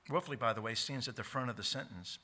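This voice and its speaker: A man preaching a sermon as pastor, emphatic, slowing down to stress key words, with frequent restarts. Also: medium pitch, sharp tone. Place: church sanctuary.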